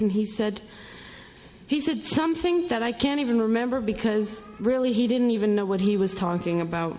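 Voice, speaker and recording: A woman's voice: a little high, moderate pace, a little mellow. Woman telling her story in an echoey hall. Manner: rambling, conversational storytelling with many "you know"s. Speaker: convert sharing her story. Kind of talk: personal testimony.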